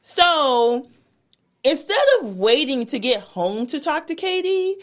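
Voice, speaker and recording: A woman's voice: sits high, big pitch swings, takes it slowly. A woman co-hosting a podcast, recapping reality TV in casual chat and acting out quotes in exaggerated voices. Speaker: podcast co-host.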